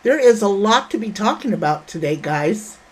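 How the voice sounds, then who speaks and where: A woman's voice: medium pitch, expressive, moderate pace, slightly rough. A woman hosting a casual livestream from home, greeting chat viewers by name and calling them honey and sweetheart. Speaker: livestream host.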